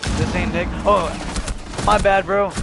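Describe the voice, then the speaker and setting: Hoarse man chatting on a game stream. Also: high-pitched, fairly even intonation, slow pace, background noise. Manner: loose rambling storytelling, laughs often, swears freely. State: losing his voice, hoarse. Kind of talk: casual livestream chat while gaming.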